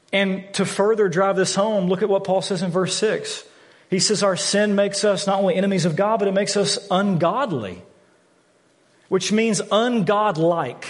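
A man in his thirties preaching a sermon, earnest and candid, often repeating words as he stresses a point. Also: sits high. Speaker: pastor. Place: church sanctuary. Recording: long hall reverb from a church.

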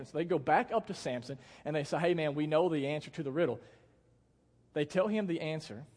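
Young male pastor, high voice, casual jokey sermon delivery, church hall with long reverb. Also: darkish tone. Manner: casual, joking storytelling with acted-out quotes.

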